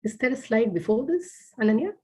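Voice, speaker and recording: A middle-aged woman at an online poetry reading, reading her own poems slowly and with care, and giving short hesitant introductions between them over a video call. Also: on the high side, expressive, darkish tone, slightly rough. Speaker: poet reading her work.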